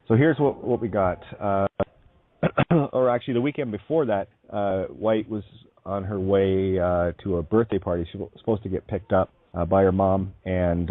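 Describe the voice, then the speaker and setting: A man's voice: deep voice, no room sound. A man telling a long story in a meandering way, with many fillers and restarts. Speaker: online speaker. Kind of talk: rambling spoken storytelling. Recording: dry, tinny phone-like sound.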